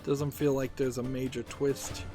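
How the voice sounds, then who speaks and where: A man hosts a relaxed let's-play, wandering from thought to thought with plenty of fillers. His voice sits at an ordinary middle pitch. Game music runs clearly underneath. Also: unhurried. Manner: rambling, thinking aloud with many fillers. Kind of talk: casual gaming commentary.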